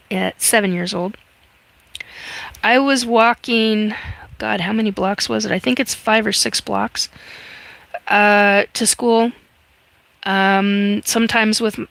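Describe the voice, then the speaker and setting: Chatty woman host, gravelly, dry. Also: mid-range voice, fairly bright tone, no echo. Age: 50s. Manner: chatty, reads viewer comments aloud, frequent fillers. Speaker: livestream host reading chat. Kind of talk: casual live chat.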